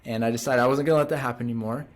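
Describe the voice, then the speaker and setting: Man in his thirties, earnest casual storyteller, mid-pitched, prone to restarts. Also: fairly even intonation, very fast. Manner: earnest, rambling with frequent restarts. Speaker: door-to-door salesman.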